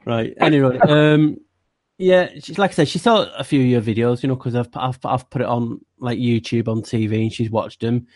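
A man's voice: mid-range voice, steady tone, normal speed, a little mellow, dry recording. Rambling man with an accent, dry sound. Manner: rambling, with many fillers and restarts; speaks with a noticeable accent. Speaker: guest co-host. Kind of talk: casual podcast chat.

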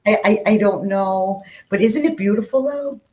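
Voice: medium pitch, normal speed, darkish tone. A co-host on a casual online show, enthusiastic and stammering through restarts.

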